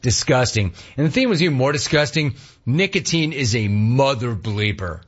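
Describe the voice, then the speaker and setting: A man in his fifties hosting a call-in talk radio show, ranting with animated energy and mocking voices. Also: normal speed, slightly rough, dull audio. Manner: animated ranting, mocks cheerful clerks in a high voice. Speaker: radio talk show host taking calls.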